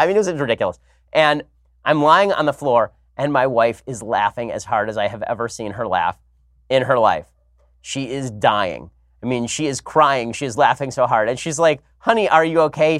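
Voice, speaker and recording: A man hosting a commentary show, telling stories in a casual, animated way with sarcastic asides. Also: mid-range voice, moderate pace, dry recording, clean studio sound. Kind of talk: casual comedic monologue.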